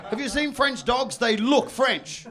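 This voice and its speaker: A man with an Australian accent performing a loud, profane stand-up comedy set. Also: very high voice, unhurried, a crowd in the background. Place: comedy venue under a pub.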